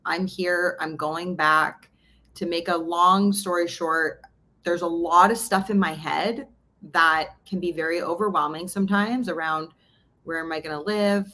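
A woman's voice: fairly low pitch, unhurried. A woman podcast host from Canada, candidly telling a personal story in a casual interview. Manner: candid, storytelling, animated retelling of dialogue.

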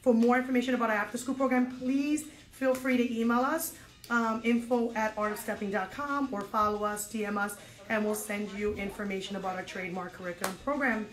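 A woman's voice: on the high side, fairly even intonation, a little fast, roomy sound. A woman instructor leading an online step dance lesson, counting out beats and encouraging her students, a little out of breath, in a dance studio. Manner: upbeat and encouraging, counts aloud.

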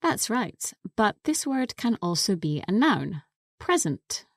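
A woman co-hosting an English lesson podcast, patiently explaining words step by step in a clear teaching manner. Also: medium pitch, sing-song, measured pace, no room sound, clean studio sound.

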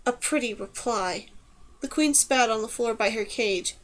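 A woman's voice: a little high, unhurried, a bit bright, rough recording. A woman narrating a fantasy novel, reading steadily and giving the dialogue light voices. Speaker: audiobook narrator. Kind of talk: scripted narration.

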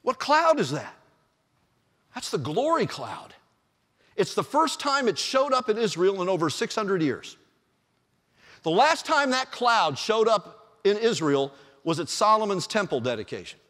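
A male pastor preaching a sermon in a church, telling the story in an animated way and chuckling often. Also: high-pitched, unhurried, long pauses. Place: church sanctuary. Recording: long church reverb.

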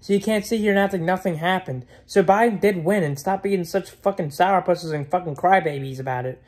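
A man's voice: high voice, fairly quick, a little mellow. Blunt, rambling man ranting to camera. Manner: rambling, repetitive, swears freely; blunt and opinionated. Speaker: vlogger. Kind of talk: casual rant to camera.

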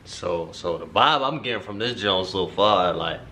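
A man's voice: low voice, animated, normal speed, heavy background noise. A man hosting a music reaction video, talking casually and directly to his viewers in slang, sometimes drifting into earnest advice. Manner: slangy, talks straight to viewers, repeats "you feel me"; earnest advice-giving, preachy streak.

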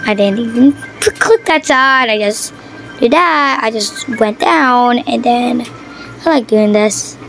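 A woman chatting casually over her gameplay, excitable and quick to gasp and yelp at what happens on screen. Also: fairly high pitch, vocal fry, faint music behind, low-quality recording. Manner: excitable, yelps and gasps at the game. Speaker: mobile game player.

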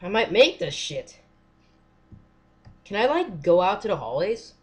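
Lively, cursing horror-game player. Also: medium pitch, a little slow. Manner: swears a lot, shouts at jump scares; filler-heavy, says "like" and "seriously" often. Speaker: gamer playing a horror game. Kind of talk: let's play commentary.

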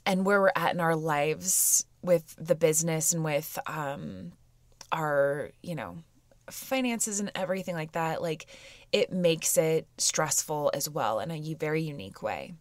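A woman's voice: low voice, a little slow, no room sound. A woman hosting a podcast, talking candidly and reflectively on her own, wandering through her thoughts with plenty of fillers. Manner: candid, meandering, with frequent fillers. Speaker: podcast host. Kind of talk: reflective personal podcast monologue.

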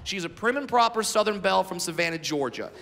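A brash, animated man doing a profane stand-up comedy routine on stage at a large venue. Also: high voice, fast, creaky. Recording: live hall, loud crowd noise. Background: audience laughter.

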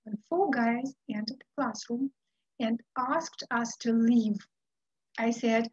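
Woman, middle-aged, from Uzbekistan, high voice, storytelling speech, dramatic unhurried pauses, dull lo-fi recording. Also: darkish tone, husky.

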